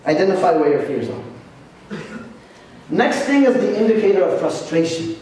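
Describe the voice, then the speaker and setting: A man, a priest, giving a lively sermon lecture and telling stories with acted-out voices. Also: high voice, normal speed. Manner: animated storytelling, acts out quoted voices. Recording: echoey hall, distant mic, faint noise.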